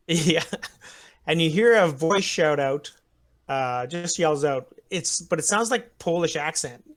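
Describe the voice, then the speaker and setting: A man's voice: fairly high pitch, expressive, slow. A man narrating a tabletop war game as game master, describing the scene step by step with frequent chuckles. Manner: descriptive, chuckles between lines.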